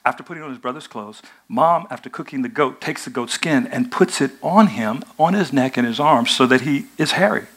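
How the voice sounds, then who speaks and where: Husky-voiced storytelling pastor. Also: male voice, mid-range voice, a little fast, few pauses. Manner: storytelling, animated, conversational. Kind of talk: sermon.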